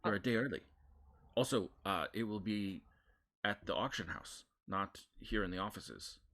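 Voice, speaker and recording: A man's voice: fairly low pitch, moderate pace, a bit bright. A man voicing a small, flustered female goblin receptionist who stammers and is eager to please.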